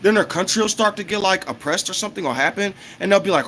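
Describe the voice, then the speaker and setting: Heated high-voiced man ranting. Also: fast talker, few pauses, fairly bright tone, a little hiss or hum. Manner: heated, profane, repetitive. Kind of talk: casual monologue rant.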